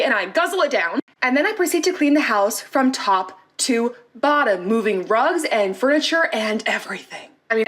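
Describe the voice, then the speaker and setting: A young woman with a high, bright voice tells personal stories to her viewers. She talks casually and with animation, laughing between anecdotes and acting out the lines she quotes. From Southern California. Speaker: storyteller vlogger.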